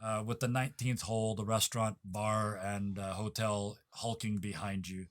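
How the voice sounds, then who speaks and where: A man running a tabletop game as game master, playful and quick to laugh, often stopping to correct himself. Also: lowish voice, level tone, a little hiss or hum.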